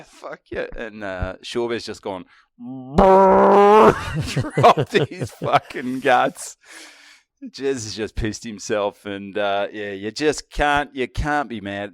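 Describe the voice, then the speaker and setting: A man's voice: on the low side, fairly bright tone, clear, resonant tone, no room sound, studio quality. A young Australian man co-hosting a podcast, swearing freely and laughing through rambling anecdotes about a mate. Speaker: podcast co-host. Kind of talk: casual chat, storytelling.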